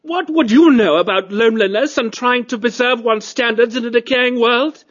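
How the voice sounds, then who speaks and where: A man narrating a storybook and voicing a cultured, disdainful male cat aristocrat with a high, reedy tenor voice. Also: normal speed, fairly bright tone, highs cut off. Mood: weary. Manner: fussy, disdainful, plummy.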